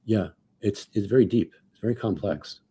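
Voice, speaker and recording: A man's voice: lowish voice, moderate pace, mellow, breathy edge. A man on a panel discussion call, talking casually and thinking aloud with many "like"s and "so"s. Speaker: panel regular.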